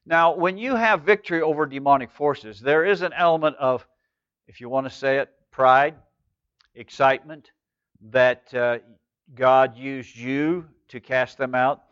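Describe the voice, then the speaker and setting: A male pastor preaching a sermon with animated storytelling, calling on the congregation to answer back. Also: medium pitch, unhurried, smooth, no echo, muffled recording.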